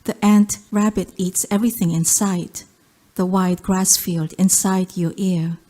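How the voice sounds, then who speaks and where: A woman from South Korea with a Korean accent, reading her poetry aloud in a measured, rhythmic recitation. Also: lowish voice, steady tone, warm tone. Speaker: poet.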